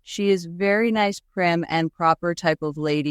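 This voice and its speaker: Smooth-voiced woman, chatty podcast co-host. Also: fairly low pitch, moderate pace, no echo, clean studio sound. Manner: chatty, reflective film analysis. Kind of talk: casual chat.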